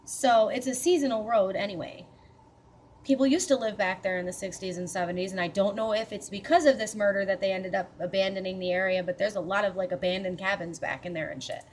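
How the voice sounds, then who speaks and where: A woman's voice: mid-range voice, fairly even intonation, fairly quick, a little hiss or hum. Woman, casual storyteller, profane and chatty, skeptical edge, mid-range voice. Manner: chatty and profane, with many fillers and asides; mildly skeptical, matter-of-fact. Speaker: storyteller recounting a paranormal experience.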